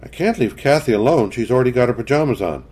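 A man's voice: mid-range voice, lively intonation, fast talker, a little mellow, husky. A man voicing a nervous wife in a read-aloud story, protesting in a worried tone. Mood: reluctant. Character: anxious reluctant adult wife.

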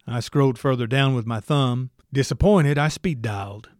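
A man's voice: mid-range voice, normal speed, a little mellow, dry recording. A man narrating a story in the first person, with a wry, dry storytelling manner. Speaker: audiobook narrator.

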